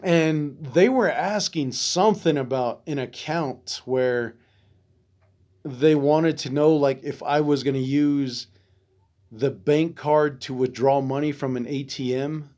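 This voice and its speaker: A man's voice: a little high, slow, a little mellow. A man from Arizona hosting a veterans podcast, telling a story casually with loose, profane, frustrated asides.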